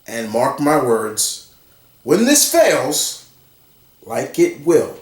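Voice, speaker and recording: A man's voice: mid-range voice, huge pitch swings, very slow. A man ranting bluntly and profanely in an exasperated movie commentary vlog. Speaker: commentary vlogger. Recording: roomy echo, far from the mic.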